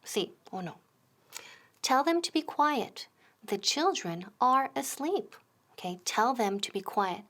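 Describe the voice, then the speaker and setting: A woman explaining English phrases, slowing down to model them clearly. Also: medium pitch, lively intonation, a bit bright. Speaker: English teacher presenter. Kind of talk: bilingual lesson explanation.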